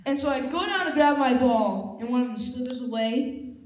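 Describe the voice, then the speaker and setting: A man with a very high, expressive voice does a stand-up set at normal speed, handheld mic in hand, as the audience laughs. His rambling, self-deprecating tales include acted-out quotes from the people involved, and the recording picks up an echoey room and faint noise.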